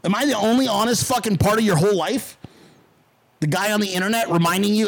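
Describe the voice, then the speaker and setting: A man with a high-pitched voice hosts a casual livestream. He talks in a blunt, combative way and swears freely. Now and then he mocks critics in exaggerated voices. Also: fast talker. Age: adult. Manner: mocks callers in put-on voices. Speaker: podcast host.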